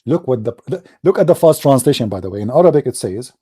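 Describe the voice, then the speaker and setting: Animated, mocking male debate streamer. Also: medium pitch, fast, slightly rough. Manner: mocking, sarcastic, dramatic hushed asides. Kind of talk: livestream commentary.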